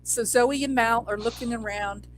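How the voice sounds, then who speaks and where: A woman co-hosting a podcast, relaxed as she walks through the plot of an episode in casual chat. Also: on the high side, low-quality recording. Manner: relaxed narration of plot, quick affirmations. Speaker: podcast co-host.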